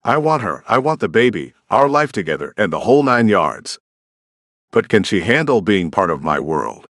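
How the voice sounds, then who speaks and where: A man reads a first-person romance audiobook, telling it like a conversation. His voice sits low but moves through wide, lively swings in pitch. The sound is close and dry, with no room around it. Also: normal speed, no room sound. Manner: expressive, conversational storytelling. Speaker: audiobook narrator.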